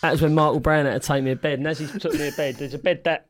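A man's voice: on the high side, very fast, background noise. Swearing, laughing man telling stories. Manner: animated, swears freely, laughs through his stories. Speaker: regular co-host, former footballer. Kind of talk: casual banter, anecdote telling. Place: studio.

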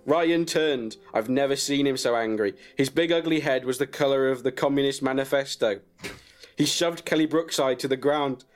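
A man reading a crude comic story about himself in a deadpan way and breaking into laughs. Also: medium pitch, unhurried, soft background music.

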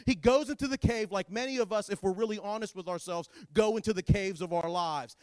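A man preaching a sermon as pastor, with dramatic delivery that swings between hushed and shouting. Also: sits high, fast, few pauses, dry recording, clean studio sound.

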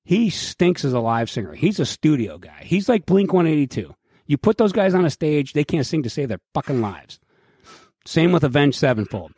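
A man's voice: fairly high pitch, moderate pace, slightly rough, no room sound. Middle-aged guy on a podcast, swearing a lot, bouncy voice going up and down, dry close sound. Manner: profane, animated storyteller acting out quotes. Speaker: podcast co-host. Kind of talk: casual storytelling chat.

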